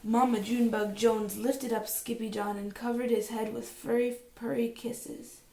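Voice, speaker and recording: A woman's voice: fairly high pitch, moderate pace, distant mic. Woman reading a bedtime storybook aloud. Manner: expressive, sing-song reading with playful voices. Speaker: storybook reader. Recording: echoey home room.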